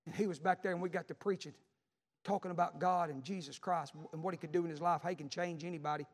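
Man, fervent preaching, high voice, long church reverb. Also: fairly even intonation, fast. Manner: fervent, builds to shouting. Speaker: pastor. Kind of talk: sermon. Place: church sanctuary.

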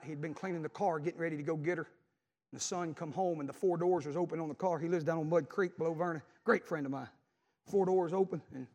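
A man, preaching a sermon and calling out to the congregation, his voice rising loud and falling to a hush. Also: high voice, big-room sound. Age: 40s. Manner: preaching with call-and-response, swinging from loud to hushed. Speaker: pastor.

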